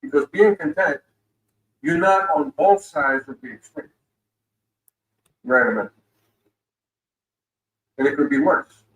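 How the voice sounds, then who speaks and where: Laid-back delivery driver, roomy and distant. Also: male voice, on the high side, animated, slow pace, long pauses, a bit bright. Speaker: gig delivery driver in a played clip. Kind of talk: casual vlog talk. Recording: roomy, distant clip audio.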